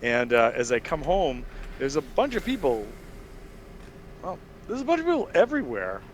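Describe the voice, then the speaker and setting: Slightly high-pitched guy ranting at a dnd table, swears a lot, says like constantly, a bit of background hiss. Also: moderate pace. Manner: profane, animated storytelling with lots of "like". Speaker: player. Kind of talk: heated out-of-character table talk.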